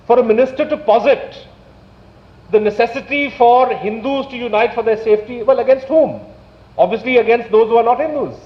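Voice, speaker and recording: Indignant man lecturing in an echoey hall. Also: very high voice. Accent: Indian English. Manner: indignant, rhetorical questions, measured emphasis. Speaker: speaker at a public talk. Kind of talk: public lecture. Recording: echoey hall, dull lo-fi sound.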